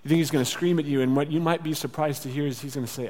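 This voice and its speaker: A man's voice: on the high side, steady tone, very fast, few pauses, a little mellow. A male pastor giving a conversational sermon, sometimes acting out little exchanges. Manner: conversational, with acted asides. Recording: church hall reverb.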